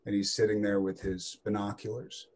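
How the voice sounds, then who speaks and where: A man's voice: fairly low pitch, normal speed, slight background noise. A middle-aged man, an actor, telling casual anecdotes in an interview and acting out what others said. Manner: animated anecdotes, quotes others in voices. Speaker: actor guest.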